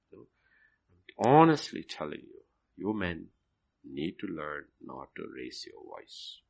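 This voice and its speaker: A male pastor delivers a sermon in a gravelly, husky voice. His pitch leaps and dips with lively emphasis, and he drops from loud stressed lines to near whispers, repeating key phrases.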